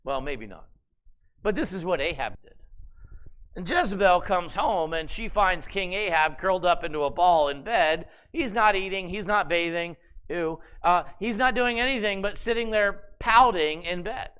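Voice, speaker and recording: A man preaching with a high, bright voice. He retells the story conversationally, animated and playful, dropping wry asides between the narrative beats. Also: moderate pace, clear, resonant tone. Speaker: pastor. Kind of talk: sermon.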